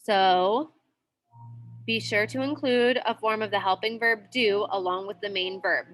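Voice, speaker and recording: A woman's voice: mid-range voice, measured pace, a bit bright. A woman teaching a grammar lesson in a classroom, patient and repetitive, checking in often with the students. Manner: patient, repeats with frequent "okay?" checks.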